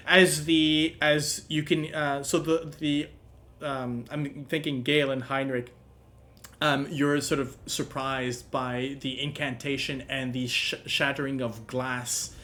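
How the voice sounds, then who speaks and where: A man narrating a tabletop game as game master, pausing often with ums and restarts. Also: medium pitch, flat delivery, pushed and bright. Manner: halting, full of ums and restarts.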